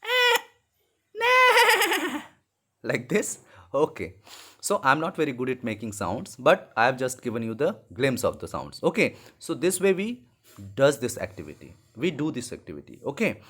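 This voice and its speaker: A man's voice: mid-range voice, sing-song, normal speed, husky. A man teaching animal sounds to young children, patient and repeating key words. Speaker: English teacher. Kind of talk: slow lesson for young children.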